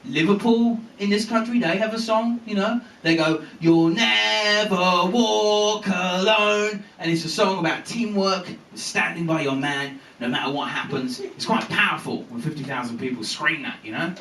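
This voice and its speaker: A young English man doing a live stand-up set, telling an animated, sweary story. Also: a little high, moderate pace, hardly any pauses. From England. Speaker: stand-up comedian. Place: comedy venue with live audience. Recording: echoey bootleg audio from a distance.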